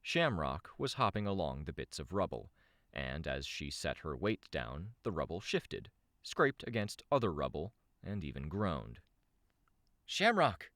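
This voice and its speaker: A man streaming a live audiobook reading, narrating in a measured way with self-corrections. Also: rumbling low, big pitch swings, fairly bright tone, dry recording, clean studio sound.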